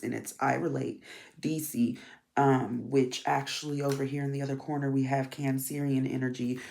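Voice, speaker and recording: A woman's voice: very deep voice, gravelly, darkish tone. A woman with a stuffy, congested voice giving a casual card reading, rambling with frequent ums while she shuffles cards. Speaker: tarot and astrology reader.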